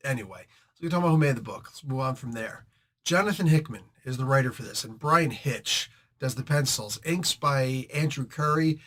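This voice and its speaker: A man hosting a casual comic book review, chatty and excitable, rambling between thoughts. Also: mid-range voice.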